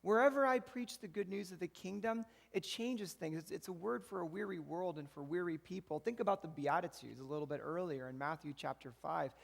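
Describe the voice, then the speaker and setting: Pastor, male, high gravelly voice, chatty preaching style, long church-hall reverb. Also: fairly quick, few pauses. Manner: conversational preaching with frequent "right?" asides. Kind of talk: sermon.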